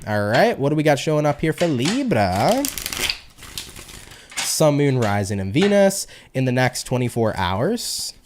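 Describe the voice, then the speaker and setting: A man's voice: medium pitch, a little slow, noisy background. A man giving a chatty live-stream tarot reading, reading out viewer comments as he goes. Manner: animated, chatty, reads audience comments aloud. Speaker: tarot reader.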